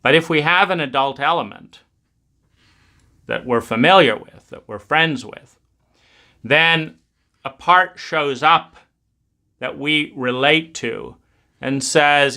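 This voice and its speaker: A man's voice: a little high, slow, long pauses, sharp tone. A man giving a reflective self-help talk in a conversational, musing way, acting out inner voices as he goes. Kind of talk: reflective spoken talk on adulthood.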